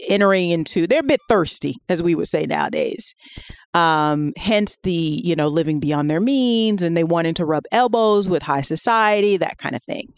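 Lively low-voiced woman telling a story. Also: moderate pace, smooth, no room sound. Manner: animated, laughing, many fillers. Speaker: podcast co-host. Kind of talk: casual storytelling chat.

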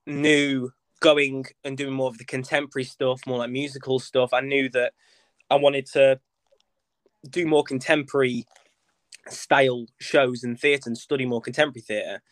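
A young man, chatting as a podcast guest in a flamboyant, expressive way. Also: medium pitch, dry recording. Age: young adult. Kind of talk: casual interview chat.

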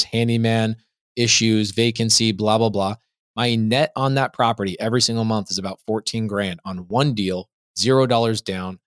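A man on a podcast as the guest, telling a business story in an emphatic, quick way and acting out what people said. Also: mid-range voice, dry recording, studio quality. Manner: emphatic, fast, acts out quotes. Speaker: podcast guest, real estate investor. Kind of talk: animated interview storytelling.

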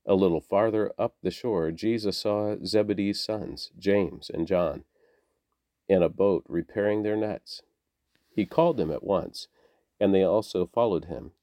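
A man reads scripture in a measured, deliberate way. His voice sits very low, with a dark, mellow tone. The sound is dry, with no room around it. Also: no echo. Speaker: scripture reader.

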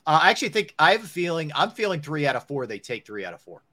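A man's voice: fairly high pitch, sing-song, quick pace, sharp tone. A man hosting a sports talk show, chatting casually and steering toward segments and breaks.

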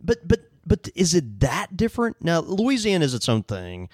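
Southern US man, podcast co-host, halting and expressive, mid voice, dry room. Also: a little high, no room sound. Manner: halting, self-deprecating, repeats words. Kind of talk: casual podcast chat.

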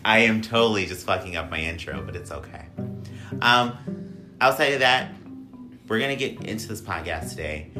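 A man hosting a casual podcast, joking and rambling with filler words and asides. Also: lowish voice. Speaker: podcast host.

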